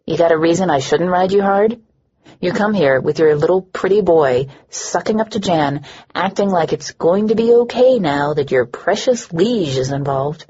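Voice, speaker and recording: A resentful changeling woman with a curt, sarcastic bite, voiced by a woman narrating. Her voice sits low and husky. The audiobook recording sounds dull and lo-fi. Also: expressive, normal speed, mellow. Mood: bitter. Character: bitter sarcastic changeling woman mine worker.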